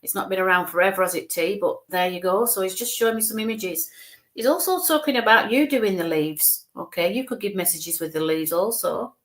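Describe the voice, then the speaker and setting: A woman psychic medium giving live readings in a voice of middling pitch. She speaks to her viewers in a reassuring way and keeps saying "bless you". When she coaxes the spirits closer, her voice drops to a soft murmur. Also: brisk.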